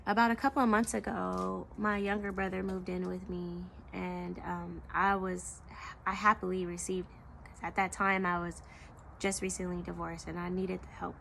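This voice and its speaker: A young woman talking slowly and emotionally in a personal confessional vlog, reflective, with soft pauses. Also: lowish voice, flat delivery, gravelly, slight background noise. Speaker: vlogger.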